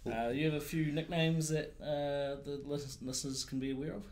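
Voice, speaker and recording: A man's voice: a little high, steady tone, normal speed, a little mellow, a little hiss or hum. A man with a New Zealand accent hosting a podcast, jokey and upbeat. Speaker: podcast host. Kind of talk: casual podcast chat.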